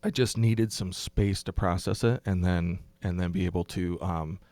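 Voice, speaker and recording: Low-voiced man, thoughtful pastor guest. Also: fairly even intonation, moderate pace, darkish tone, no room sound. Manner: thoughtful, explanatory, with frequent ums and restarts. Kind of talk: casual podcast conversation.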